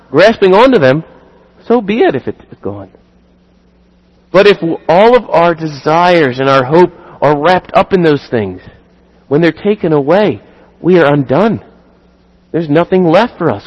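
A man preaching a sermon, animated, acting out the dialogue in sudden louder bursts. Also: on the high side, a little slow, long pauses. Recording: long hall reverb.

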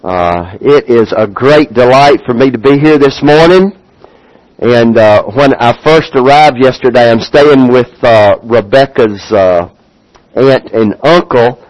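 A middle-aged Southern US man addresses a church congregation as a guest pastor. He talks at an unhurried, drawn-out pace, folksy and homespun, with frequent "uh" fillers. His voice sits in an ordinary male range and comes through with a radio-style broadcast sound. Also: medium pitch, low-quality recording. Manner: slow, folksy, many "uh" fillers. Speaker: visiting pastor. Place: church sanctuary.

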